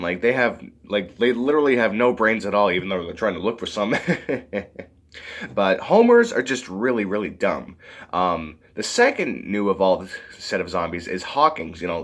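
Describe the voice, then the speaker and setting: A man's voice: fairly low pitch, a bit bright. A man reviewing a movie in a casual, rambling way, full of fillers and often giggling.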